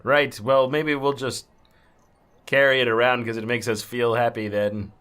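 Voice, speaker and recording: A man playing a tabletop game with a dry, understated deadpan. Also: medium pitch, moderate pace, smooth. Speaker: player. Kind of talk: casual tabletop play.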